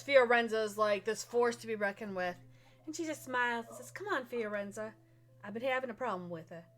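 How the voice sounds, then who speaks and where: Casual woman narrating a tabletop game. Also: mid-range voice. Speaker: game master.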